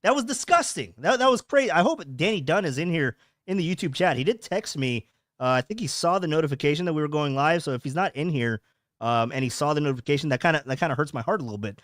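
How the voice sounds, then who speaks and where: An animated, fast-talking young man with a fairly high, fairly bright voice hosts a casual podcast livestream from home. He rambles, says things again and reads chat aloud. The recording is dry and clean, like a studio.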